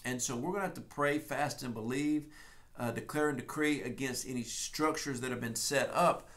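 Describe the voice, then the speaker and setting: A Texas man with a medium-pitched, slightly bright voice and a Texan accent preaches a prophetic message, sometimes slipping into casual storytelling. His style is folksy and emphatic, speeding up and slowing down as he goes.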